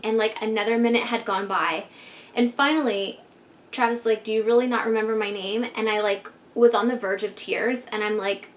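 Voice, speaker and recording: A woman's voice: fairly high pitch, steady tone, moderate pace. A woman in her thirties telling a storytime vlog to her viewers in a casual, swearing way, filling her talk with "like". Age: 30s. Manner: casual, fills every phrase with "like" and swears freely. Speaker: vlogger.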